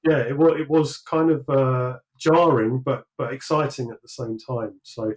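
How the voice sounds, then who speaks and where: A man's voice: medium pitch, fairly even intonation, moderate pace, a little mellow, poor audio. A British man, likely in his thirties, talking through his career in a casual interview, rambling with many fillers and restarts. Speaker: sculptor guest.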